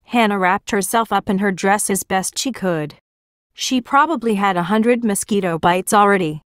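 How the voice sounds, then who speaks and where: A woman reading a novel aloud as an audiobook narrator, in a steady, even manner. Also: medium pitch, normal speed, clean tone, no room sound, clean studio sound.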